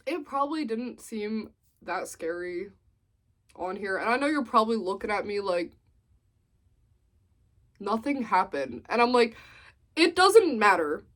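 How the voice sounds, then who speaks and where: Slow-talking young woman telling a story. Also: medium pitch. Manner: animated storytelling, acts out quotes. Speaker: vlogger. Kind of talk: storytime vlog.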